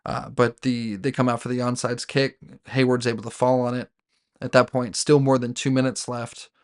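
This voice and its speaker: A man's voice: mid-range voice, little pitch movement, normal speed. A man hosting a sports podcast, giving a casual solo recap of his team's game. He rambles as a fan, with many fillers and restarts. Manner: rambling, with frequent fillers and self-corrections; fan talking about his team as "we".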